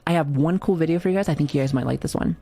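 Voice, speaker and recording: A woman's voice: deep voice, racing, mellow, breathy edge. Profane, joking woman streamer in her thirties. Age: 30s. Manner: profane, joking, chatty with frequent laughs. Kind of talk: casual live-stream chat.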